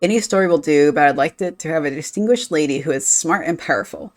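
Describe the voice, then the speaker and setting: A woman's voice: deep voice, fast talker, faint music behind, close to an everyday voice. A woman voicing a demanding little village girl, reading game dialogue aloud.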